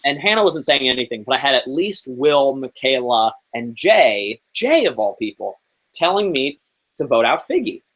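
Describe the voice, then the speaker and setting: Animated young man telling a story. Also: medium pitch, rough recording. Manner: animated, fast storytelling with fillers and mimicked quotes. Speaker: interview guest. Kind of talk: casual storytelling.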